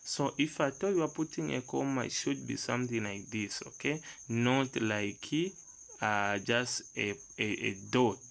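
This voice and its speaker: A man's voice: mid-range voice, measured pace, gravelly, fairly bright tone, poor audio. A man teaching a math lesson step by step, reading numbers aloud and asking the class rhetorical questions.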